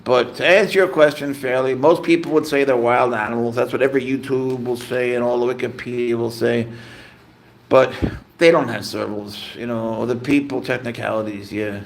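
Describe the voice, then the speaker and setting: A man's voice: medium pitch, steady tone, normal speed, creaky, slight background noise. A man hosting a casual livestream, chatting easygoing and rambling while he answers viewer comments. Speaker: livestream host and pet owner.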